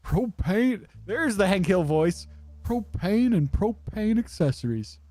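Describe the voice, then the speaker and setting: A man voicing a gruff male bouncer as a shaky Hank Hill impression, drawling and slipping out of it. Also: high voice, animated, takes it slowly, darkish tone, no room sound, faint music behind, voice pushed up, full character voice. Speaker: bouncer character voiced by a game streamer.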